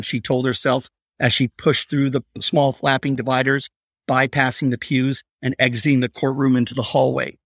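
A man reading aloud from his crime thriller in a steady, measured narration. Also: mid-range voice, no room sound, studio quality. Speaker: author reading his novel.

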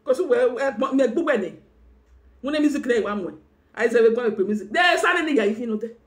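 A Nigerian woman talking fast in a heated exchange, switching between languages and scolding the other person. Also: on the high side, expressive. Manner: rapid, mixing languages, scolding. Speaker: guest.

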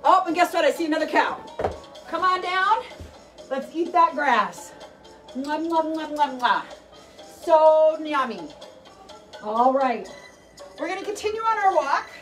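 A young woman with a high voice leads a playful animal workout, chatty and encouraging. She sounds a little distant from the microphone. Faint music plays underneath. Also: lively intonation, a little slow, long pauses, a bit bright. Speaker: fitness instructor. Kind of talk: leading a kids' animal workout.

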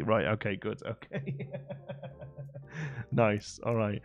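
A man's voice: on the low side, level tone, a little slow, pauses often, a little mellow, faint music behind. A man chatting with viewers during a late-night live game stream, thinking aloud and laughing often.

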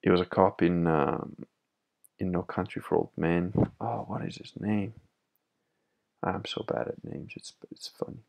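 A man's voice: deep voice, fairly even intonation, measured pace, gravelly, darkish tone. A man hosting a livestream, reading chat messages aloud and answering them bluntly with frequent laughs. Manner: blunt, opinionated, laughs often.

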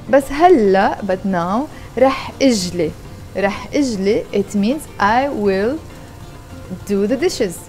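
A woman's voice: medium pitch, animated, moderate pace, a little mellow, soft background music. A woman giving a casual vlog language lesson from her home kitchen while doing the dishes, patiently repeating and explaining each word. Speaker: language teacher.

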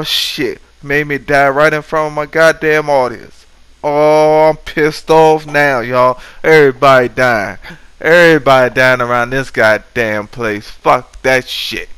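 A man's voice: mid-range voice, a bit bright, clear, resonant tone, dry recording. A man commentating his own video game run, swearing and trash-talking the enemies on screen. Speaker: gamer. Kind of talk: profane let's-play commentary.

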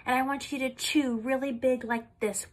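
A young woman leading a sing-along music lesson for toddlers, animated and coaxing in an exaggerated way. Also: sits high, normal speed. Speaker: children's music teacher.

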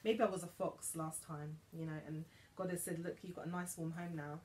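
A woman's voice: low-pitched, flat delivery, a little fast, a little mellow, slight background noise. Chatty woman in her thirties. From England. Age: 30s. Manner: chatty, giggly, emotional asides. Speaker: vlogger. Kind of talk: casual haul chat.

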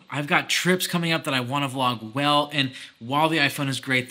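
A young man vlogging casually, talking loudly and energetically while explaining his camera setup and colour grading. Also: medium pitch, no room sound. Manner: loud, energetic, self-aware. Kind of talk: casual vlog talk.

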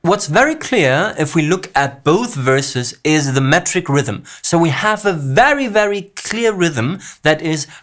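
A man hosting a music analysis show, explaining song lyrics in a measured way and reading lines aloud. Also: a little high, animated, fairly bright tone.

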